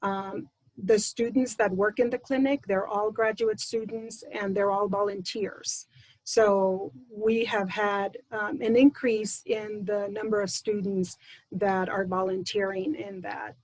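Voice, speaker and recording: A woman's voice: medium pitch, fairly even intonation, unhurried, darkish tone, no room sound, low-quality recording. A woman who teaches speech pathology, talking casually on a panel, with frequent ums. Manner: conversational, many ums. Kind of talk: panel introduction, casual storytelling.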